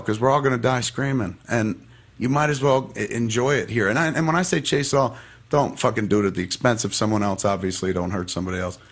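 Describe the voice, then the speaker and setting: A man's voice: medium pitch, creaky, a bit bright, slightly rough. A man casually telling a personal story as a podcast guest, profane and rambling but heartfelt.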